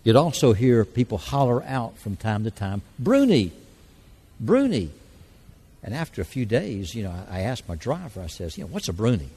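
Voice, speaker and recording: A man's voice: fairly low pitch, animated, a little fast, few pauses, dark tone, husky. Earnest man preaching. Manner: earnest, folksy storytelling, prayerful. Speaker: church speaker. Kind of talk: sermon with altar call and mission stories. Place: church service.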